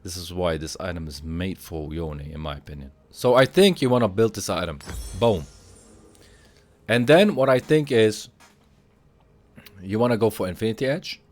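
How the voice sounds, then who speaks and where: A man who is a little sick, explaining a video game item build and reading item stats aloud, getting excited as he hypes the items. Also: deep voice, normal speed, pauses often. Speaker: game guide creator. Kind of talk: gameplay guide commentary.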